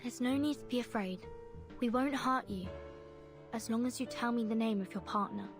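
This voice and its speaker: A woman voicing a calm female interrogator who questions a frightened captive in a game. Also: fairly high pitch, lightly acted. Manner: level, measured questioning. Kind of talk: game voice acting. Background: game music.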